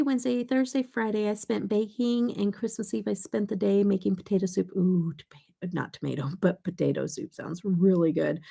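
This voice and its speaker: A woman's voice: mid-range voice, gravelly, warm tone, slightly rough. An older woman chatting casually on her makeup vlog, telling family stories and reading chat comments aloud. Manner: chatty, storytelling, reads live chat aloud. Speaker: makeup vlogger.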